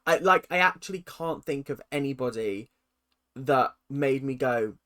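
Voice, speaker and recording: A man hosting a reaction video, talking in an animated, effusive way and acting out his own quoted reactions. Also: mid-range voice, a little slow. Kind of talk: casual reaction commentary.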